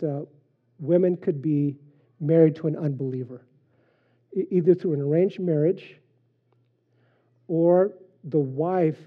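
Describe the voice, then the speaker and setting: A pastor delivers a conversational sermon in a slightly high, husky voice, often pausing on fillers as he teaches. The recording sounds dull and lo-fi. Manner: conversational preaching with frequent fillers and anecdotes.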